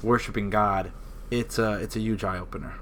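Guy with a low voice, campus minister on a podcast, lots of um and like. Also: fairly even intonation, fairly bright tone. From New York area. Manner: halting, many fillers and restarts. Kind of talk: casual podcast chat.

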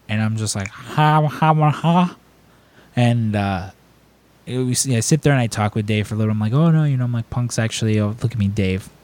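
A man hosting a podcast, telling stories in casual chat, rambling and acting out other people's lines in raised voices. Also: on the low side. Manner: rambling, animated, acts out quotes in raised voices. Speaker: podcast host.

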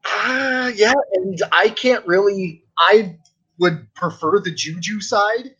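A man's voice: high voice, slow, bright, forceful tone, breathy edge, lo-fi sound. A man as a podcast co-host in casual chat, mostly agreeing with short replies and hesitating when he gives an opinion.

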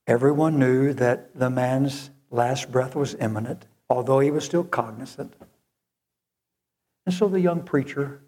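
A man's voice: mid-range voice, darkish tone. A male preacher delivering an earnest sermon that rises to fervent moments. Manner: slow, earnest, rising to fervent.

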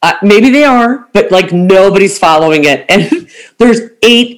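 A woman's voice: mid-range voice, lively intonation, unhurried. Chatty middle-aged woman telling stories. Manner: chatty storyteller, acts out quotes. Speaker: podcast host, travel agent. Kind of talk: casual chat.

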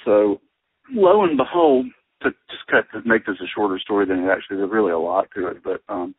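Man, 60s, lower register, husky; animated anecdote-teller over a phone-like line. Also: fairly quick, dry recording. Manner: animated storyteller who laughs often. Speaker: podcast guest, musician. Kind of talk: casual chat.

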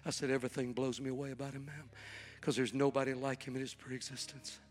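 A man with a medium-pitched, fairly flat voice talks fast as he preaches a storytelling sermon. He starts folksy and conversational, then builds into a fervent preaching cadence. The long reverb of a large hall carries his voice.

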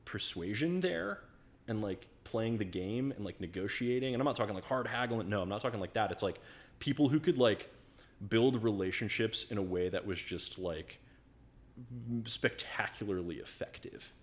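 A man's voice: on the low side, lively intonation, normal speed. A man telling stories as a guest in a casual conversation, rambling and filling his talk with "like". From United States. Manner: rambling storyteller, filler-heavy, full of "like".

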